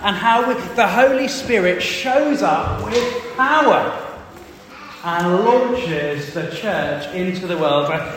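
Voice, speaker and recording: A man leading a lively church family talk, quizzing the children and reading from the Bible. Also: high-pitched, slow pace, a little hiss or hum. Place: large echoey church hall. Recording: echoey hall, distant mic.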